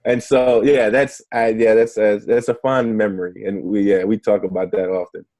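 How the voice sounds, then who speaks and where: Mellow-voiced man telling stories. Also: on the low side, flat delivery, moderate pace. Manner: chatty, many fillers and restarts. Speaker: negotiation trainer, guest. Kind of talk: casual interview storytelling.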